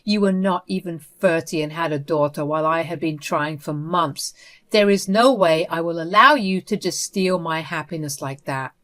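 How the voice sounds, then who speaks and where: A woman's voice: deep voice, moderate pace, fairly bright tone. A woman voicing an unhinged, possessive sister-in-law who speaks in a defiant, dismissive way.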